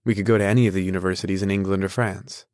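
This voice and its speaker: A man voicing an earnest, polite romantic man who speaks with quiet intensity. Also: low-pitched, steady tone, racing, no room sound, clean studio sound, close to an everyday voice.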